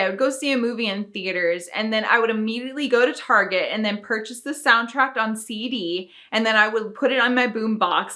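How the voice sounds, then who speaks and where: A woman's voice: mid-range voice, sharp tone. A young woman talking casually and enthusiastically about her favourite films, laughing often. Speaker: film review YouTuber. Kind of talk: casual film review talk.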